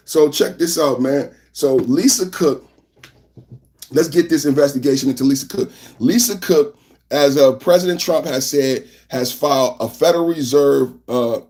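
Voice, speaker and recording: Man from San Francisco, live podcast host, political commentary, loud and animated, reads chat aloud, fairly high voice.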